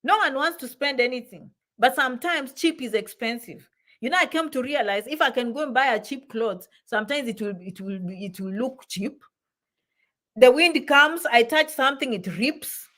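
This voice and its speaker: A woman's voice: sits high, animated, normal speed, a bit bright. A middle-aged woman hosting an immigration advice live stream, talking emphatically to her viewers, repeating herself and breaking off for affectionate asides. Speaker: immigration advice channel host.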